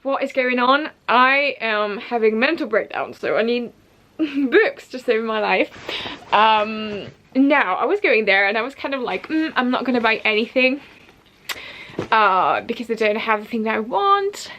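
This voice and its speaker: A woman's voice: a little high, expressive, measured pace, a bit bright, dull audio, slight background noise. A young woman chatting to camera at home about books she bought, scattered and rambling, with asides and restarts. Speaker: book vlogger. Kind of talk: casual chat to camera.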